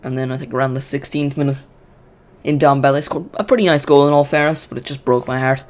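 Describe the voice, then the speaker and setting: A man hosting a live football watch-along, chatty and excitable, often restarting his sentences. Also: mid-range voice, brisk.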